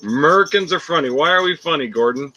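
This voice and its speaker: Bright, lively man hosting a live podcast. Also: a little high, a little fast, dull audio. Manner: joking, laughs often, swears casually. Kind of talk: casual chat reading viewer comments.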